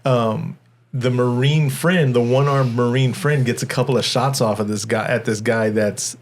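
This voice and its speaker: A man's voice: mid-range voice, steady tone, moderate pace, slight background noise. A man co-hosting a movie review podcast in casual chat, rambling with stumbling restarts and frequent laughs. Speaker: podcast co-host.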